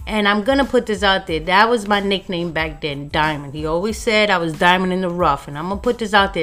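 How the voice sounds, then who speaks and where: Middle-aged female host, lower register, from New York; blunt, profane, streetwise storyteller; faint music bed. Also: brisk, few pauses, fairly bright tone. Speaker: podcast host. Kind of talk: casual personal storytelling.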